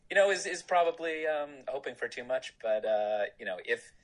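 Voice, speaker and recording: A man's voice: mid-range voice, expressive, moderate pace, rough recording. A man, a film director, answering interview questions in a rambling, self-deprecating way with frequent laughs.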